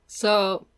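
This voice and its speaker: A woman talking casually and thoughtfully about a novel's chapter, with some hesitation. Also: a bit bright. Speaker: book club co-reader. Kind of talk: casual book discussion.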